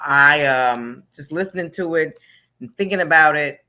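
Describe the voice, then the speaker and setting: A woman appearing as a doctor on a talk show, measured and thoughtful, laughing easily. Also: deep voice, bright, forceful tone. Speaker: guest doctor.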